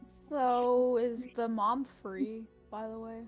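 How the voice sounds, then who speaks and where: A woman's voice: on the high side, level tone, slow, soft background music. A young woman playing in a tabletop game, teasing and joking with the group. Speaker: player. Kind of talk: casual chat.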